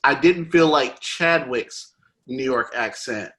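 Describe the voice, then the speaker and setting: A man with a bright, clear voice hosts a podcast in an easy, loose chat. He rambles, restarts his sentences and fills the gaps with ums and uhs. His voice sits at an ordinary middle pitch. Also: slow pace. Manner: rambling, with many fillers and restarts. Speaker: podcast host. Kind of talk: casual movie review chat.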